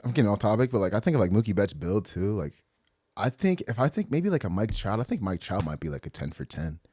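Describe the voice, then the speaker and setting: A man's voice: lowish voice, very animated, fast, dark tone, breathy edge, no room sound. A young man from the Philadelphia area co-hosting a sports podcast. He tells loose, profane stories into a close mic and laughs often. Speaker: podcast co-host. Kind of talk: casual sports podcast chat.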